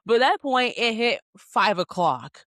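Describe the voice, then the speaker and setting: Young woman, podcast host, casual storytelling, animated, lots of fillers, dry close sound. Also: on the high side, a little slow, no room sound. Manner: animated, many "like" fillers, acts out quotes.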